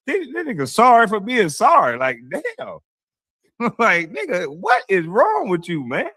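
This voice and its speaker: Man, streamer, mocking reaction commentary, lively swooping pitch, fairly high voice, blunt slang, laughs a lot. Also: a little slow. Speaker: streamer, show host. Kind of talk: casual livestream reaction commentary.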